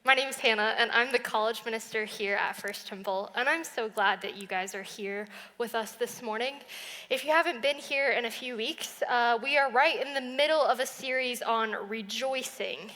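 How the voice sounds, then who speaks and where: A young woman preaches to a congregation in a relaxed, conversational way. Her voice sits a little high and sounds bright. The church hall gives it a long, ringing reverb. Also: normal speed. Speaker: college minister. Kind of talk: sermon. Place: church sanctuary.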